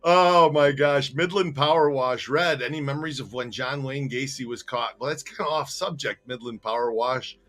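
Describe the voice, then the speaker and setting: A man's voice: mid-range voice, moderate pace, few pauses, a bit bright. A man hosting a casual podcast, laughing often and teasing his co-host while reading out viewer comments.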